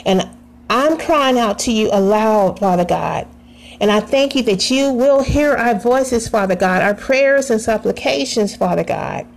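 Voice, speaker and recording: A woman's voice: fairly high pitch, unhurried, gravelly, poor audio. A woman praying aloud, fervent and pleading, returning again and again to the same address to God. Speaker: prayer leader. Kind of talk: spoken prayer.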